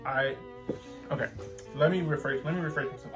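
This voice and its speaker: A man casually telling a personal story to the camera, animated and rambling with frequent restarts. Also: medium pitch, normal speed, pauses often, over music. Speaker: vlogger.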